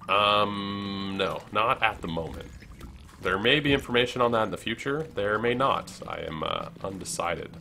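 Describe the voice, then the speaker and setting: Low-voiced chatty Canadian streamer man. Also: expressive, normal speed, sharp tone, soft background music. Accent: subtle Canadian. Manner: rambling, chatty, many fillers and self-corrections. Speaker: livestreamer. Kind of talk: casual gaming livestream chat, reading chat aloud.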